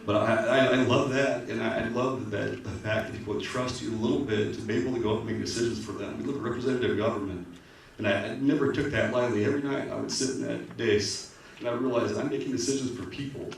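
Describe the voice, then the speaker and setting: A man's voice: fairly low pitch, vocal fry. A man giving an earnest, emotional candidate's speech at a public forum, often restarting his sentences. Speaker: political candidate. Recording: echoey hall from far off, faint noise.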